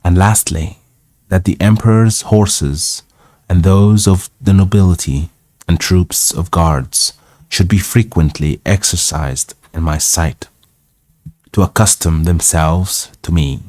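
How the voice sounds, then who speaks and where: Slow, deep-voiced man reading aloud carefully. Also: a little mellow, dry recording, studio quality. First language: Arabic. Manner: careful, repeats words and sounds out hard ones. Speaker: host of a live English reading stream. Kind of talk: reading a classic novel aloud for practice.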